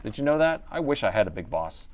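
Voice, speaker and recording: A man's voice: fairly low pitch, sing-song, quick pace. Middle-aged guy fixing laptops on stream, rambles and jokes, talks to a desk mic in his workshop. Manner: rambling and joking, thinks aloud, slips into an announcer voice. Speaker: laptop repair livestreamer. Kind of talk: casual live-stream chat while repairing.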